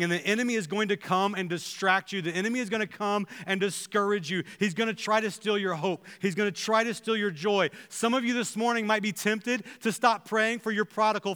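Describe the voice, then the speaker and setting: Bright-voiced pastor preaching in a reverberant hall. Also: male voice, high-pitched, clean tone. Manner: earnest, acts out quoted prayers and dialogue. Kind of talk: sermon. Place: church sanctuary.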